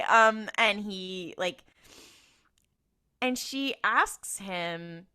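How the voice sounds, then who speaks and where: A woman's voice: medium pitch, very slow, long pauses, smooth. A woman co-hosting a podcast, recapping episodes in casual chat and acting out the characters' lines. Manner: animated storytelling with quoted voices and laughter. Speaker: podcast co-host.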